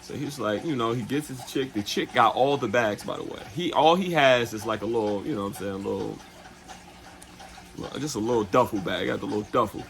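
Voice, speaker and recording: Speaking in a mid-range, slightly bright voice with vocal fry, a male travel vlogger loosely recounts a trip, swearing freely and leaning on fillers such as "you know what I'm saying." He acts out others' quotes in quick put-on voices, and a little hiss or hum can be heard.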